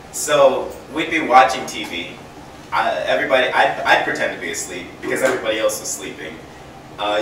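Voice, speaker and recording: Self-mocking young man telling a stand-up story. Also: medium pitch. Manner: self-deprecating, laughs at his own jokes, many ums. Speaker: amateur stand-up comedian. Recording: distant mic, very echoey room, faint ambient noise.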